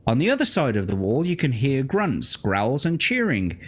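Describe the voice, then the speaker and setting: A man narrating a gamebook adventure, his pitch rising and falling with plenty of movement. His delivery is casual and unpolished. He swears freely and laughs often between passages. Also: very animated, normal speed. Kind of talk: reading a gamebook aloud with banter.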